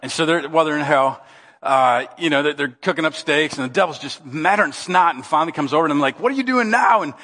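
A man preaching as pastor, telling a joke in an animated, playful way before his sermon. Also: on the high side, fast, in a large hall. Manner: joking, animated storyteller. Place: church sanctuary.

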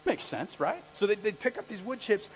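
A male pastor preaching a sermon with a husky voice, telling stories in an animated way and shouting out the lines he quotes. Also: high voice, moderate pace, slight background noise. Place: church hall. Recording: echoey hall.

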